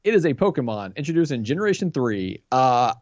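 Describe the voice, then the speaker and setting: A man running a quiz on a casual podcast, teasing and amused. His voice sounds a little dull and lo-fi, recorded dry. His pitch is average for a man. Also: sing-song, brisk, no room sound. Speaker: podcast co-host, quiz master. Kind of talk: casual chat.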